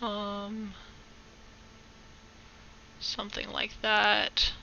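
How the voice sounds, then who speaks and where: A woman talks slowly through a casual live-stream art tutorial, her voice bright and sharp with a gravelly fry underneath. She rambles, jokes and corrects herself mid-sentence. The audio is dull and lo-fi. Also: mid-range voice, monotone, a little hiss or hum. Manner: rambling, jokey, self-correcting, talks to chat.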